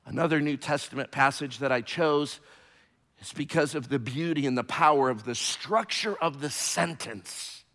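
A man preaching a sermon, emphatic and repetitive, swinging from hushed tones to shouting. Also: medium pitch, moderate pace. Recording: long hall reverb.

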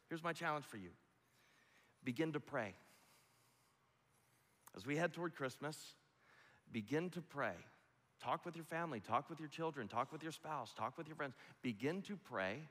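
A man's voice: medium pitch, sharp tone, long reverb tail. A man preaching a sermon as pastor, emphatic and conversational, often asking the congregation rhetorical questions.

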